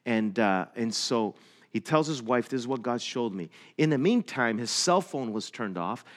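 A middle-aged man, a missionary preacher, telling a story in a sermon with slides, in an earnest way that climbs higher and louder as he gets into it. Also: animated, normal speed.

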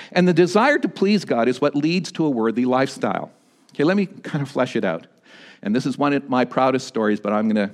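A pastor delivering a sermon, swinging between emphatic high points and quieter, low-voiced storytelling. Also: male voice. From Canada. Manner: animated preaching, rising to emphatic peaks and dropping low for stories.

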